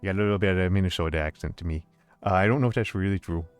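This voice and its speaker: A man's voice: low voice, rapid-fire, smooth, soft background music. A man streaming a game and chatting with his viewers, with many ums and uhs and frequent restarts. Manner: hesitant, filler-heavy, warm greetings to chat. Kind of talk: casual stream chat.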